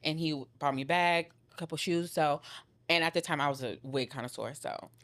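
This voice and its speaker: A young woman with a notably low, deep speaking voice shares a personal story as a podcast guest. She talks candidly and with emotion, leaning on "like" as she recounts events. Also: fairly quick, fairly bright tone. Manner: candid, emotional retelling with many filler likes.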